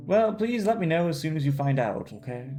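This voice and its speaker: A man's voice: fairly high pitch, lively intonation, brisk, warm tone, faint music behind, voice pushed up, close to an everyday voice. A man voicing a cheerful, simple-minded swamp monster who guards a castle and is eager to please.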